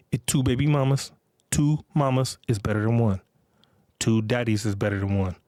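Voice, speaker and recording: A man's voice: mid-range voice, darkish tone, no echo, studio quality. Blunt, profane middle-aged man. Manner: blunt, profane, emphatic, repeats himself. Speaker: podcast host. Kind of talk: casual monologue.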